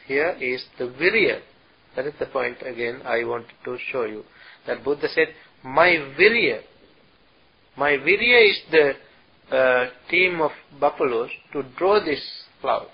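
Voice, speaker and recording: A man giving a slow, halting dharma talk as a Buddhist teacher, chanting verses between his explanations. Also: a little high, husky. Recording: dull lo-fi recording.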